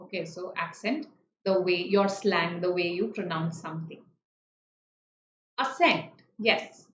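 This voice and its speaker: A woman's voice: lowish voice, slow pace, fairly bright tone, echoey room, highs cut off, slight background noise. A woman, teaching a live online vocabulary lesson, explaining words patiently and checking in with students often. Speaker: online exam-prep teacher.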